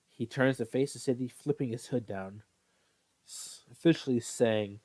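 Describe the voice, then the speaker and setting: Man, casual read-aloud, self-correcting, apologetic, mellow tone, dry sound. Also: mid-range voice, moderate pace, no echo. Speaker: reader of a fan story.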